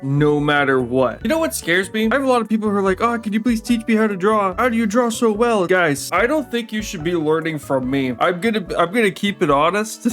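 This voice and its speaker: A young man chatting casually while he draws, joking and teasing himself in a playful way. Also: fairly high pitch. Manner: playful, self-mocking, jokey asides. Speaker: artist drawing on stream. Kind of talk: casual chat while drawing. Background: soft background music.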